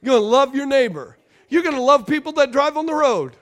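A man's voice: very high voice, animated, brisk. A man preaching a sermon with call-and-response, playful asides and repeated phrases for emphasis. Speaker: pastor.

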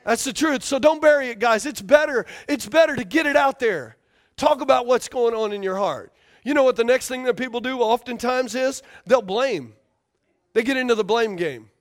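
A man's voice: very high voice, moderate pace. A man preaching a sermon as a pastor, emphatic and repetitive, often asking the congregation for responses.

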